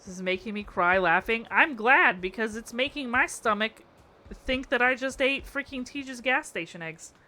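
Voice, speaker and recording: Young female streamer, bright tone, casual chat, quick exasperated reactions. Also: fairly high pitch, animated. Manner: playful, exasperated, reacting to chat with frequent laughter. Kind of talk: casual live-stream chat while building in a game.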